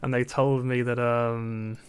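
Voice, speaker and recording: Young british guy rambling on stream, mid pitch, keeps repeating words and laughing. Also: flat delivery, slow pace, smooth. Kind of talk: casual chat.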